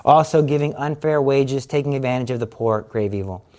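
A man explains the steps of confession in a relaxed, conversational teaching style. His voice sits at a middle pitch, and he sounds earnest and urgent when he presses his point. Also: a little fast. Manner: conversational, acts out everyday scenes in quoted voices; earnest, urging. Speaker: Catholic teacher. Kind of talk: casual catechism teaching.

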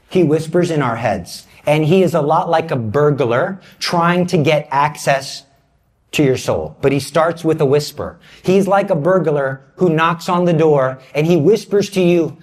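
High-voiced man preaching an animated sermon. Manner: animated storytelling, acting out voices, comic asides.

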